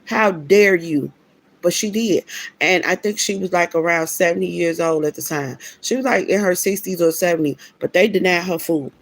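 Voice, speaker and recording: A woman's voice: fairly low pitch, normal speed, no echo. A woman telling a personal story in a casual, preachy way, emphatic and slangy, often restarting her sentences. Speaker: vlogger.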